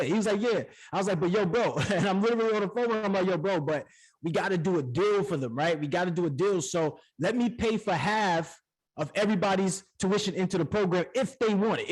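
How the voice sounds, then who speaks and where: A man hosting an online community call, excitedly hyping the audience in casual slang. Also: high voice, breathy edge, poor audio. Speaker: host of a community accountability call. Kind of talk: hype-style hosting on an online group call. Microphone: online call microphone.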